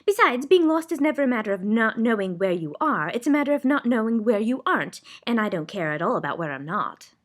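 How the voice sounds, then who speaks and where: A woman's voice: fairly high pitch, sing-song, quick pace, few pauses. A woman reading aloud voices a cheerful boy who explains puzzles in an airy, matter-of-fact way.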